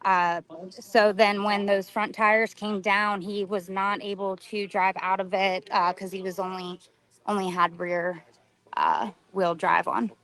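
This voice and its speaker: Gravelly-voiced woman commentating a live stream. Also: medium pitch, low-quality recording. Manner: relaxed, chatty with filler pauses. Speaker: event commentator.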